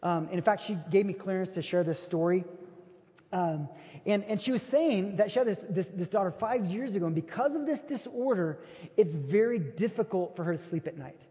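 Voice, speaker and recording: A man with a notably high voice preaches to a big church crowd, spinning a story in a chatty, animated way. His words ring out with a long hall echo behind them. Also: normal speed. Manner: conversational, animated retelling. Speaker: pastor. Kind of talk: sermon with storytelling. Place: large church auditorium.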